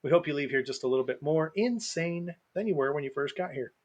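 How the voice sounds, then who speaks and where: A man's voice: on the high side, animated, fast, a little mellow. A man co-hosting a podcast in casual chat, jokey and teasing. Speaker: podcast co-host.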